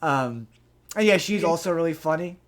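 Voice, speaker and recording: A man's voice: fairly high pitch, lively intonation, moderate pace. A man hosting a podcast, chatting casually about a movie, rambling with many restarts and frequent swearing. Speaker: podcast host. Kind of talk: casual movie review chat.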